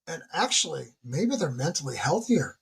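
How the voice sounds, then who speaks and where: A man around sixty chats as an interview guest, his husky voice sitting slightly high for a man. He tells stories with energy, jumping up in pitch as he acts out the people in them. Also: moderate pace. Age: about 60. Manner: animated storyteller who acts out dialogue with big pitch jumps. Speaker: podcast guest, retired military leader. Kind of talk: casual interview conversation.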